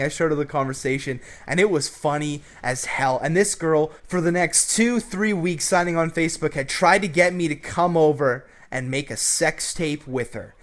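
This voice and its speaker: A man hosting his vlog, telling a story casually and acting out quotes with plenty of swearing. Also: fairly high pitch. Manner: animated, acting out quotes, profane. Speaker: vlog host.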